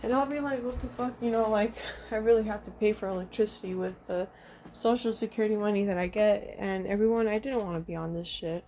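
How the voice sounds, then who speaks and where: A woman's voice: mid-range voice, fast, warm tone. Blunt young woman venting at home. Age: young adult. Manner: blunt, frustrated, swears freely. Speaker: vlogger. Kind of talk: candid personal vlog. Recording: noticeable background noise.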